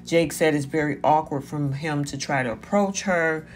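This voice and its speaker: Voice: medium pitch, normal speed, a little hiss or hum. Chatty reality-show recap host. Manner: chatty, paraphrasing with frequent fillers. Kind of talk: casual reality-TV recap commentary.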